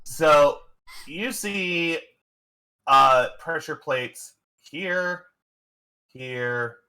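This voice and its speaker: Bright-voiced male game master. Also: a little high, animated, very slow, smooth. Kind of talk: narrating a tabletop game.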